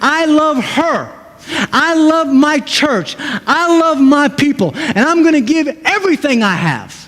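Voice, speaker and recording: A man's voice: very high-pitched, expressive, a little slow, a bit bright, voice pushed up, exaggerated voice. A man preaching voices an earnest adult man who declares his love with impassioned insistence. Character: a loving husband and savior, adult man, earnest. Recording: long hall reverb.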